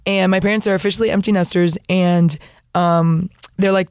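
A young woman from Peru, a guest telling her faith story in animated conversation, acting out what others said and laughing often. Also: lowish voice, normal speed, smooth, dry recording, clean studio sound. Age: young adult. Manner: animated, acts out quoted voices, laughs often. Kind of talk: lively storytelling testimony.

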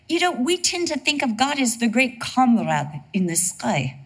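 Animated, humorous woman preacher. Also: high voice, moderate pace, breathy edge. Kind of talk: sermon.

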